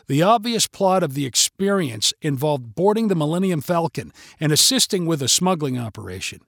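A man narrating a story in a steady, measured reading voice on a close mic. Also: on the high side, no echo.

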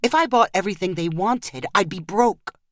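A woman's voice: mid-range voice, moderate pace, no room sound, studio quality, close to an everyday voice. A woman reading aloud as a frustrated, thrifty father who snaps and grumbles. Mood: irritated. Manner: snappish, grumbling. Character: frustrated thrifty father, middle-aged man.

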